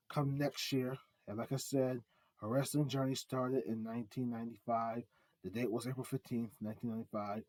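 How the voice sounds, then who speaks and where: A man's voice: medium pitch, no echo. A man giving a rambling, earnest fan monologue, repeating himself and building up announcer-style reveals. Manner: earnest, heartfelt tribute. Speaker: art vlogger.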